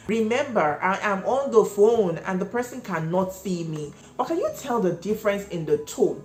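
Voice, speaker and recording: A woman's voice: medium pitch, animated, normal speed, darkish tone. A woman running a cake business, giving emphatic advice to viewers, repeating key points and asking them questions. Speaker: cake business owner and channel host. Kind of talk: instructional vlog talk. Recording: echoey room with faint music.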